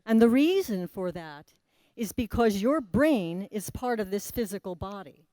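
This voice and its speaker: A woman giving a spiritual talk to a live audience. She speaks slowly, pauses often, drops suddenly to a soft voice and puts questions to the listeners. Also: medium pitch, animated, no echo. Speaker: spiritual teacher.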